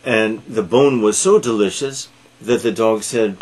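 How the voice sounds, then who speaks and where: Slow, halting male storyteller. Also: on the low side, darkish tone. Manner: halting, with frequent fillers. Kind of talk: read-aloud storytelling.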